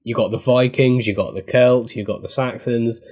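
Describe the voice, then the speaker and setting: A laid-back man jokes his way through casual podcast chat. His voice sits at an ordinary mid pitch. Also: steady tone, normal speed, a little mellow. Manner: laid-back, joking storyteller. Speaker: podcast co-host.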